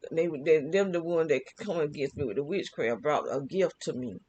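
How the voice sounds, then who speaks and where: A woman's voice: sits low, animated, moderate pace, darkish tone, dull audio. A woman vlogger telling a personal church story in a rambling, casual way, often laughing and restarting her sentences. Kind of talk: casual spoken testimony.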